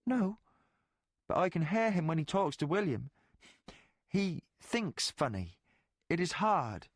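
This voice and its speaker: A man voicing a shy, earnest little psychic girl who speaks in simple, halting phrases, in a dry studio read. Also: on the high side, animated, no room sound, voice pushed up.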